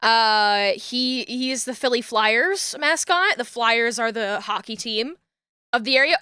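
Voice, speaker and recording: A young woman streaming from a small room at home, talking into a desk mic. Her voice is bright and a little high, and the sound is close and dry. She rambles in a chatty way and breaks into excited yelling. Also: a little slow, clear, resonant tone, no room sound. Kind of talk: casual livestream chat while crafting.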